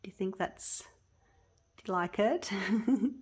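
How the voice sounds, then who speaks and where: A woman hosts a relaxed at-home resin craft tutorial, talking straight to her viewers as she works. Her voice sits in an ordinary middle pitch. She chats loosely, trailing off and restarting her sentences, and now and then drifts away from the camera mic. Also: unhurried, long pauses, slightly rough. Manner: chatty, talks to viewers while working, often trailing off and restarting. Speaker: resin craft channel host. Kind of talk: casual tutorial vlog.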